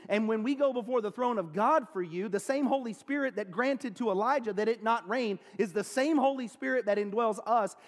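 A male pastor giving a sermon, earnest, slowing down and pausing to stress key phrases. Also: very high-pitched. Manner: earnest preaching, pauses and slows down on key phrases. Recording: long reverb of a large hall.

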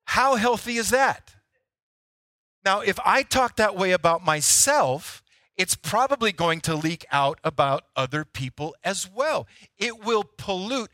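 Bright-voiced man preaching a casual sermon. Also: high-pitched, animated, a little slow, no room sound. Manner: conversational, self-deprecating storytelling. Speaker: pastor.

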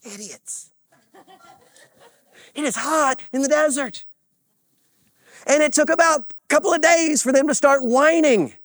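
A man's voice: very high-pitched, normal speed, fairly bright tone, no room sound. A man preaching a sermon to a church congregation, with call-and-response and joking asides. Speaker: pastor.

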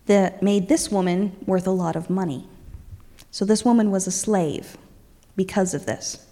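A woman preacher retelling a story in a lively sermon, voicing its characters along the way. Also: medium pitch, a little slow, big-room sound.

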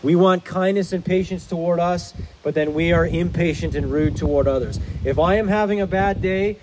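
A man's voice: high-pitched, moderate pace, background noise. A man preaching a sermon as pastor, in an earnest, explanatory manner.

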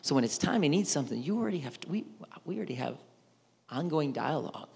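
A man preaching a sermon, telling the story with animated voices for each side of the dialogue. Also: a little high, fast talker, creaky, breathy edge. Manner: animated storytelling, acting out both sides of the dialogue. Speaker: pastor. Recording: long hall reverb.

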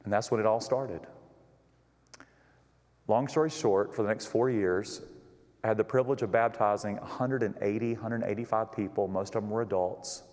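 Pastor telling a story in a reverberant hall. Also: male voice, fairly low pitch, moderate pace. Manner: animated storyteller acting out quoted voices. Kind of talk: sermon storytelling. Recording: long reverb in a large hall.

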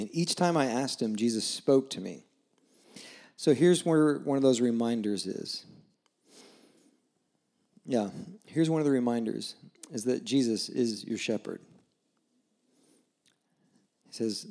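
Slow and frequently pausing, a fortysomething guest preacher recounts a story from his own life in a conversational sermon. When he reads from scripture, he drops to a low, soft voice.

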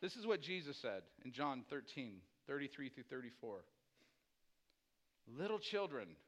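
A man preaching a sermon as pastor, swinging from hushed, low asides to loud, climbing emphasis.

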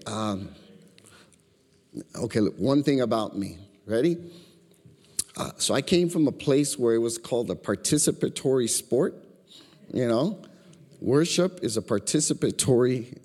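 A man's voice: mid-range voice, a little mellow, big-room sound. A man preaching a casual, joking sermon in a church and inviting the congregation to answer back. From Chicago. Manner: joking, conversational, asks for call-and-response. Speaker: guest preacher. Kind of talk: informal sermon. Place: church sanctuary.

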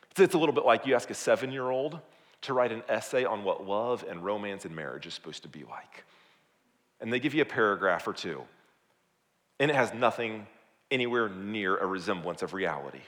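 Animated preacher in a reverberant hall. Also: male voice, medium pitch, brisk. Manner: animated preaching, swings from loud to hushed. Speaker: pastor. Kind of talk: sermon.

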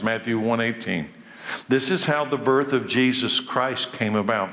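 A man delivers a sermon with emphatic, measured phrasing, pausing dramatically and firing rhetorical questions at his listeners. His voice sits at an ordinary pitch for a man. It rings through a large, roomy hall with a long, trailing reverb. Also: a bit bright. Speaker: preacher.

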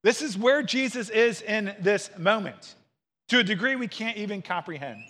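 High-voiced man preaching an expressive sermon. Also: normal speed. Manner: earnest, expressive preaching with acted quotes. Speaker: pastor.

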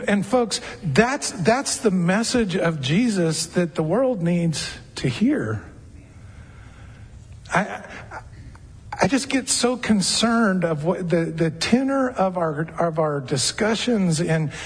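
Man, pastor, husky, high voice, conversational sermon, long hall reverb. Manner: conversational preaching, acts out gentle quoted voices.

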